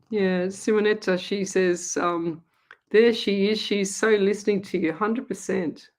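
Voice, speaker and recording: A woman's voice: medium pitch, steady tone, slow, long pauses. Chatty Australian woman greeting viewers. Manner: chatty, greets viewers by name, laughs easily. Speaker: psychic medium hosting a live stream. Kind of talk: casual live-stream chat.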